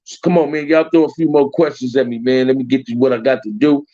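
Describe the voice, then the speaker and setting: A man's voice: mid-range voice, steady tone, quick pace, warm tone, dry recording. Middle-aged LA man, livestream host, loose and slangy, repeats himself, mid-range voice, muffled stream audio. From Compton, Los Angeles. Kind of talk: casual livestream chat with viewers. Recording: dull, dry lo-fi stream audio.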